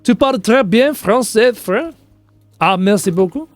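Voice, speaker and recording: A man's voice: high-pitched, lively intonation, normal speed, soft background music. A man voicing a teasing, cheerful French character in an exaggerated put-on accent. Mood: playful.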